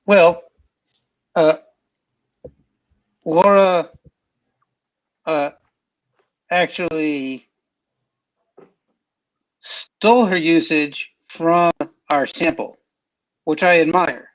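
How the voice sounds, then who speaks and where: A man judging a comedy game show on a video call, halting with fillers and joking as he scores. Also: on the high side, lo-fi sound. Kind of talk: casual scoring banter.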